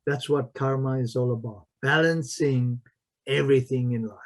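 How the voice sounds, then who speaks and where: A martial arts master and spiritual mentor tells stories in a podcast interview at a moderate pace, emphatically repeating key phrases. His voice is medium in pitch with fairly even intonation.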